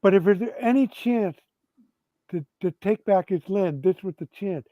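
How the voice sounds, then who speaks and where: An animated, rambling man telling tabletop gaming stories, his voice sitting fairly high. The sound is dry and close, with a dull, lo-fi edge to it. He restarts his sentences often as he warms to a story. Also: moderate pace, no room sound. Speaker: guest game designer. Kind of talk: storytelling in a casual interview.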